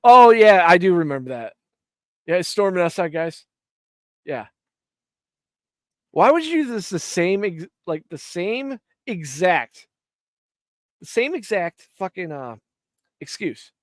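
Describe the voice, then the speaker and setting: A man's voice: high voice, big pitch swings, slow, pauses often, fairly bright tone, dry recording, clean studio sound. A man from Ireland hosting a live stream, chatting casually in rambling, profane, jokey rants. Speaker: stream host.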